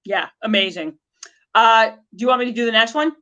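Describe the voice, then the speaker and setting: A woman's voice: on the high side, a little fast, bright, forceful tone, lo-fi sound. Chatty enthusiastic woman co-host. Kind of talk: casual podcast chat about a movie.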